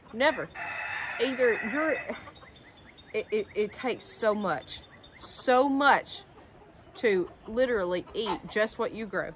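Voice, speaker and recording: A woman's voice: a little high, noisy background. A woman, talking outdoors in a casual homestead vlog and repeating words for emphasis. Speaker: homestead vlogger. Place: outdoors by a garden with chickens. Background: chickens and roosters.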